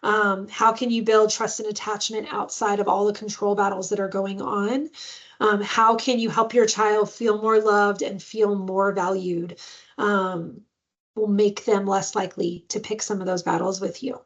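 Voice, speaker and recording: A woman's voice: mid-range voice, flat delivery, unhurried, lo-fi sound. A woman giving a parenting webinar in a conversational way, with many fillers and sudden playful sing-song bits. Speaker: webinar presenter on adoptive parenting. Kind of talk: instructional webinar talk.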